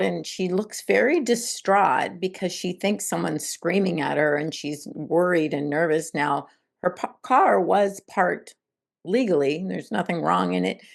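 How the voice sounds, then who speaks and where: A woman hosting a spiritual self-help podcast, talking in a gentle, reflective way and telling everyday stories. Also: fairly low pitch, creaky. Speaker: podcast host.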